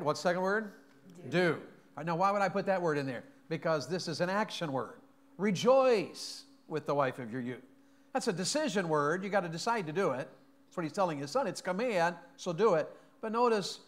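A man preaching a sermon in a church, folksy and joking, often asking the congregation questions. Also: high voice. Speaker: pastor. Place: church sanctuary.

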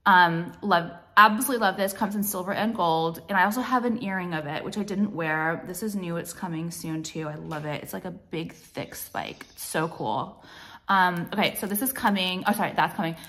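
A woman's voice: on the low side, brisk, pushed and bright. Young woman, casual vlog, blunt, swears freely, rambling with fillers. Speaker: vlogger and jewelry brand owner.

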